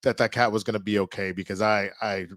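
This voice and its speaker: A man streaming live, chatting casually with his viewers, reading their messages and reacting loudly to clips. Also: lowish voice, fast talker, dry recording. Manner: animated, reacts loudly to clips and reads chat.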